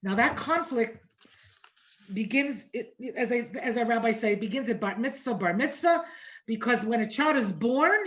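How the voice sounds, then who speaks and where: Her voice fairly high and expressive at a normal speed, a middle-aged woman teaches Torah in a relaxed online lecture. She repeats phrases and checks in with her audience, frequently asking "right?" It's captured in dull, lo-fi online-class audio.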